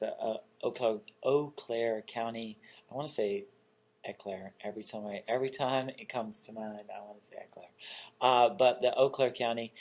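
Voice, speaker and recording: A man hosting an interview, relaxed and chatty, with joking asides. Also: medium pitch. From North Carolina. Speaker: interview host.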